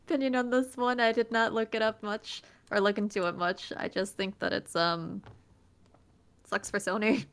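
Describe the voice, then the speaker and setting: A woman's voice: medium pitch, steady tone, moderate pace. A woman on a casual podcast who gives offhand, unbothered answers. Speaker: podcast guest. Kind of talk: casual chat.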